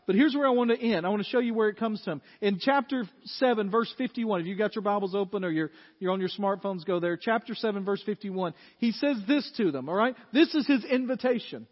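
A male pastor giving a sermon, swinging from loud, emphatic peaks to quiet, low asides. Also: brisk. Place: church sanctuary. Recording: dull sound in a large reverberant hall.

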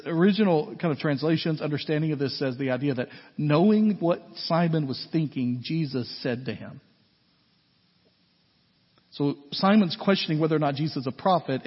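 High-voiced pastor preaching in echoey hall. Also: male voice, breathy edge. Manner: conversational, animated preaching with asides to the congregation. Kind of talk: sermon. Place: church sanctuary. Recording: echoey hall, dull lo-fi sound.

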